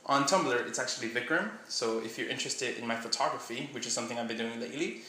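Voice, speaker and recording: A man's voice: medium pitch, fast, pushed and bright. A young man from Miami, Florida, chatting casually in a vlog, rambling and doubting himself as he reads a list aloud. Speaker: vlogger. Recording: echoey room with faint hum.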